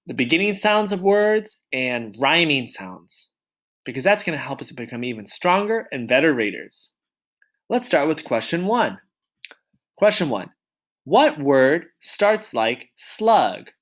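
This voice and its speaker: A male teacher giving a children's reading lesson, sounding out letters slowly and with exaggeration, and praising often. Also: medium pitch, very animated, a bit bright.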